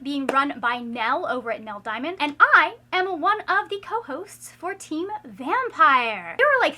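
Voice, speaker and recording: A woman's voice: high voice, background noise. A woman hosting a book channel, chatting upbeat and casual about her reading list, with frequent "like" fillers.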